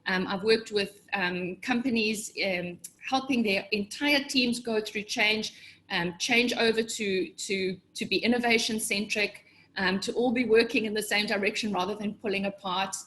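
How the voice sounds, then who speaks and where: A middle-aged woman giving a motivational webinar as a business coach, animated, often acting out voices in her head with sudden leaps in pitch. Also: normal speed, slight background noise.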